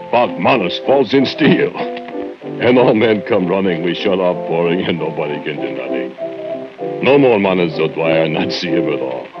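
An actor playing a bitter immigrant foundry laborer who speaks slow, broken English, in 1940s radio acting. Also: male voice, extremely low pitch, exaggerated voice. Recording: dull lo-fi old radio recording with music.

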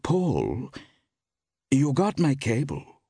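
A man reading aloud, voicing a glamorous, gushing actress with affected, drawn-out endearments. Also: mid-range voice, wildly swooping pitch, gravelly, warm tone, husky, dry recording, pitched above the performer's own voice, heavily acted.

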